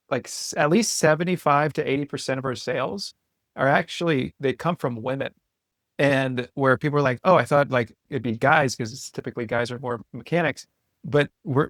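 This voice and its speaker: A man's voice: mid-range voice, a bit bright, no echo, studio quality. A man hosting a podcast, talking in a loose, rambling way with lots of "like" fillers and restarts. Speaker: podcast host. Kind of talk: casual interview chat.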